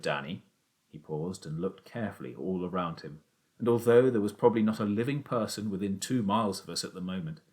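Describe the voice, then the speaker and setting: A man narrating an unabridged children's audiobook in a steady storytelling voice. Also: on the low side.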